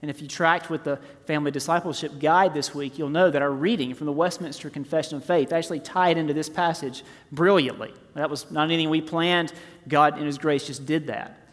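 A man in his forties preaching a sermon, rising to loud emphasis and dropping to hushed, near-whispered softness. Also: a little high, steady tone, a little fast. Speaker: pastor. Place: church sanctuary. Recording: long reverb of a large hall.

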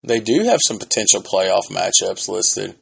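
This solo podcast host, a man in his thirties, has a fairly low, animated voice with some vocal fry and an unhurried pace. His talk is rambling and loose, sprinkled with profanity and frequent restarts.

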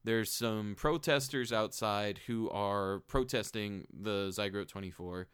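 Casual guy with a deep smooth voice, bit rambly, lots of ums, dry mic. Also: unhurried, fairly bright tone, no room sound. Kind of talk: casual chat, retelling a movie plot.

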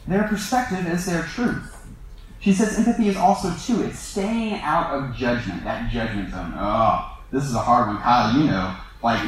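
A man's voice: on the high side, slight background noise. A man preaching a sermon in a loose, conversational way, full of fillers and self-deprecating asides. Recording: echoey room, voice from far off.

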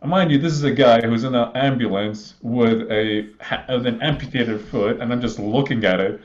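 A man in his thirties from Iraq, a guest calmly telling a personal story in a halting way, with many fillers, on a slightly muffled recording. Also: medium pitch. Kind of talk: conversational storytelling. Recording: slightly dull, muffled audio.

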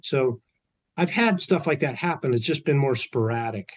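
A man's voice: medium pitch, lively intonation, moderate pace. A man being interviewed, telling personal stories in a chatty way, often correcting himself mid-sentence. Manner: chatty, anecdotal, with self-corrections. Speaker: podcast guest. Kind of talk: storytelling in an interview.

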